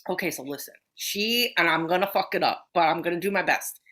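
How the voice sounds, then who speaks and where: A woman co-hosting a podcast, telling a long story in a casual, animated way, swearing often and acting out the people she quotes. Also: fairly low pitch, brisk. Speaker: podcast co-host.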